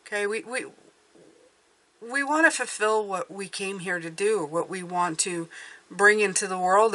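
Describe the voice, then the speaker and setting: Chatty woman with a bright voice. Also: medium pitch. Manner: chatty, self-interrupting, often restarts words. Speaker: tarot reader. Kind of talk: casual tarot reading.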